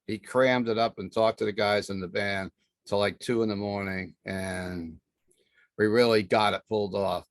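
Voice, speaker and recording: A man's voice: lowish voice, steady tone, normal speed, no room sound. Chatty rambling male podcast host. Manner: rambling, chatty with fillers and restarts. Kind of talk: casual panel chat.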